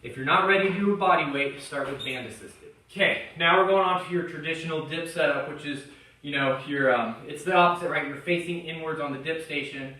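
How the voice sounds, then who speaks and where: Echoey trainer coaching from across a gym. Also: male voice, a little high, fairly quick, bright, forceful tone, distant mic. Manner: coaching cues, instructive and encouraging. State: a little out of breath. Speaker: fitness trainer. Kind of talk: exercise tutorial demonstration.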